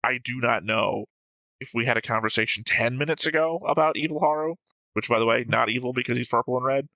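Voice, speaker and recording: A man with a gravelly, bright and forceful voice, talking casually and teasing his co-host. He explains his reasoning at length. The sound is dry and close. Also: medium pitch, quick pace, no room sound. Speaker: co-host of an anime reaction show. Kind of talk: casual chat.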